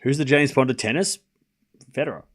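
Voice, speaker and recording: Between rallies, a young man calling tennis on a relaxed live stream drifts into joking tangents with his chat. His pitch is ordinary and middle, his style loose and unscripted with some swearing, and he speaks briskly.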